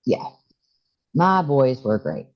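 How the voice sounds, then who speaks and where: A woman in her forties tells a hard personal story as a podcast guest, often halting and restarting. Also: rumbling low, big pitch swings, highs cut off. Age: 40s. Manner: emotional, halting, many restarts. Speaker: interview guest.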